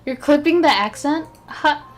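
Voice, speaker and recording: Sleepy young woman streamer, slow rambly chat, kinda high voice, giggly. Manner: excitable, rambling, giggly, with restarts. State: sleepy, yawning. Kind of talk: casual chat while ranking game characters.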